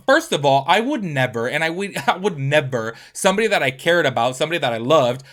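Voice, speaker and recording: A man's voice: a little high, fast talker. A man hosting a reaction video, talking in a casual, gossipy way with lots of "like" and "y'all". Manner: animated, chatty, full of "like" and "y'all".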